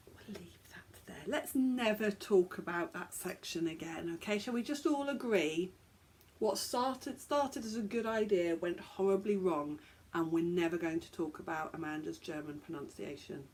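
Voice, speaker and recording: A woman's voice: on the low side, moderate pace, a little mellow. A woman hosting a podcast, chatting casually and joking at her own expense as she stumbles over foreign words. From England. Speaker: podcast host.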